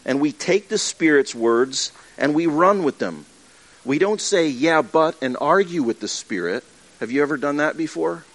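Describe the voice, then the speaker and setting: A man's voice: a little high, animated, normal speed. A man preaching a sermon to his congregation in an earnest, conversational way, with frequent restarts and acted asides. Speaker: pastor. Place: church with livestream.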